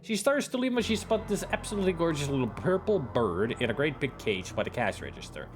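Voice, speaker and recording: A man's voice: on the high side, sing-song, brisk. A man playing through a game on video, reading in-game messages and long jokes aloud in a casual, mocking way with fillers and slips. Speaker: let's player. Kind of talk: gaming commentary, reading texts and jokes aloud.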